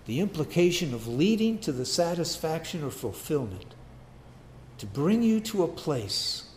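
Male pastor, sermon; emphatic, repeats phrases, slightly high voice, faint hiss behind. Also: darkish tone, echoey room.

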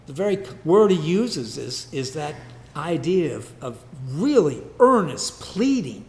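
A man's voice: fairly high pitch, very animated, slow, creaky, roomy sound. A man preaching a sermon as pastor, emphatic and repeating key phrases.

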